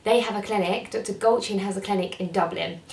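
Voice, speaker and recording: A woman's voice: mid-range voice, fast, creaky, far from the mic. A young woman talking casually to camera as a vlogger, chatty and rambling, with lots of fillers. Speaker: beauty vlogger. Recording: roomy sound, mic set back.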